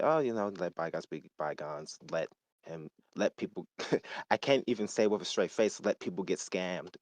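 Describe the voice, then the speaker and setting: A man's voice: sits low, a little mellow, dry recording. A man ranting heatedly and emphatically in a casual gaming discussion.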